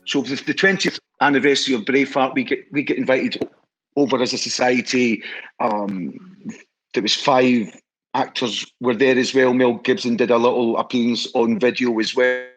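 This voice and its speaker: Enthusiastic Scottish man, husky voice. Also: medium pitch, fairly even intonation, moderate pace, poor audio. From Scotland. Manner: enthusiastic, laughs while telling stories. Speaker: guest, history society head. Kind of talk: casual storytelling chat.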